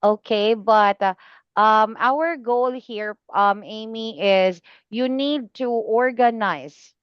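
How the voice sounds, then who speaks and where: A woman tutoring a student in speaking, patient and slow, repeating the student's name often. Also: on the high side, clean tone, dry recording, dull audio. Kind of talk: one-on-one online lesson feedback.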